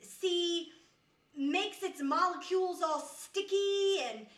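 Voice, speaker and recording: A flustered young apprentice fumbles through her explanations, as a woman acts her. Her voice is high and bright, her pace slow. She is heard from afar in a roomy space. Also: far from the mic, heavily acted. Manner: hesitant, stumbling, many fillers.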